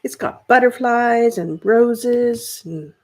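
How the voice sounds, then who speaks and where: A woman hosting a sewing livestream, chatting casually with viewers as she works and thinking out loud with fillers and restarts. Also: a little high, slow. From Canada.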